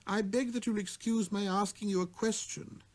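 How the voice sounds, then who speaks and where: A man voicing a small, timid boy from another planet who speaks softly and earnestly, with shy politeness. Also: high voice, steady tone, moderate pace, voice pushed up, close to an everyday voice.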